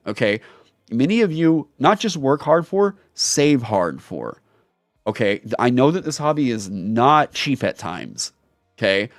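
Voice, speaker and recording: A man's voice: mid-range voice, dry recording, studio quality. A man on his own channel delivering an angry commentary rant, heated, profane and emphatic. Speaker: YouTuber and streamer.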